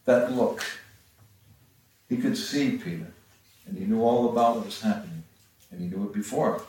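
A man giving a halting Bible-teaching sermon, with frequent restarts and pauses. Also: lowish voice, darkish tone, a little hiss or hum. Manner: halting, many restarts and fillers. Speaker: preacher. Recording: far from the mic in a very echoey room.

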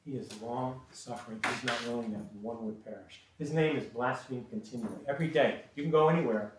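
A man's voice: medium pitch, fairly quick. A man preaching a sermon, emphatic and repetitive, often restarting his sentences with fillers. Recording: roomy echo, distant mic, faint noise.

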